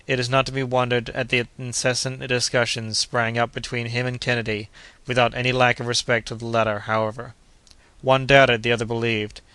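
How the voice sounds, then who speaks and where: A man reading a classic adventure novel aloud as an audiobook narrator, in a measured, even manner. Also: medium pitch, clear, resonant tone, no echo. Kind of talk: scripted narration.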